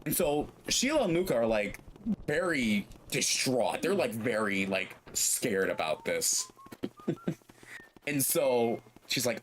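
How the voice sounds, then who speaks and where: A man's sing-song, medium-pitched voice carries a long, rambling gaming-stream story, a little slowly and loaded with "like." He acts out the characters' voices, and there's a slight hiss or hum.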